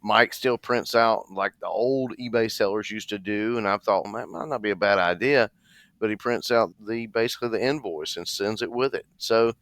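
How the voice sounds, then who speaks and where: Chatty podcast man with a bright, smooth voice. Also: fairly low pitch, moderate pace, dry recording. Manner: chatty, jokey, addresses listeners directly. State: restless, leg bouncing while seated. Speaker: podcast co-host. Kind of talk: casual chat.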